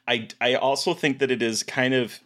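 Podcast co-host guy, middle pitch, earnest and thoughtful. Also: moderate pace, a bit bright. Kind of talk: casual chat.

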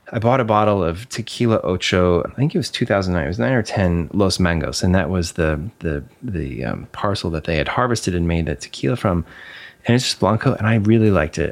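A man with a notably low, deep voice talks as a guest in easygoing conversation. He is candid and emphatic, drops the odd swear word, and doubles back on words while he works out what to say. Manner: repeats words as he searches for phrasing. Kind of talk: casual conversation.

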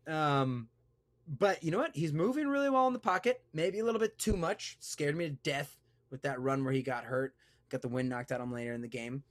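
A man's voice: a little high, animated, brisk, no room sound, clean studio sound. A man hosting a sports podcast, reading an ad and chatting casually in a joking, rambling way that keeps interrupting itself. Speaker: podcast host.

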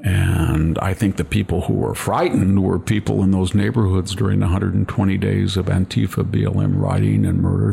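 An older man with a very low, heavily gravelly voice hosts a commentary chat. He lectures emphatically and drifts into long personal anecdotes. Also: dark tone. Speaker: podcast host.

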